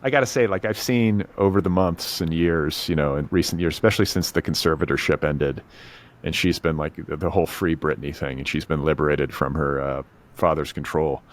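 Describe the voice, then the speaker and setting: Middle-aged male podcast host, very low voice, dry and blunt in casual chat. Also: brisk. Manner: wry, blunt, swears casually.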